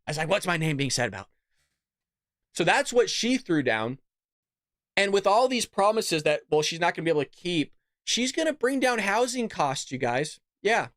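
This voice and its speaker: Sarcastic male commentary host, lively pitch. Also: normal speed, no room sound, clean studio sound. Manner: mocking, sarcastic. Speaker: show host. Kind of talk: casual political commentary.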